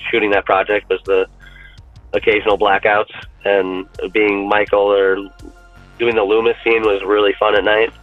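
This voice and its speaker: A man chatting casually as a podcast guest, rambling and animated, swearing freely with lots of restarts. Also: fairly low pitch, normal speed, faint music behind. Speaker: podcast guest and fan-film actor. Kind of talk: casual chat. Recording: tinny phone-like line.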